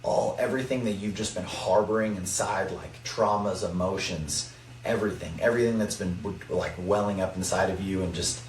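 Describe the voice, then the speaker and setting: A man's voice: deep voice, normal speed. A young man, a college basketball player, talking earnestly about his faith on a podcast. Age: young adult. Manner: earnest, testifying. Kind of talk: faith-focused podcast chat. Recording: roomy, distant mic, faint noise.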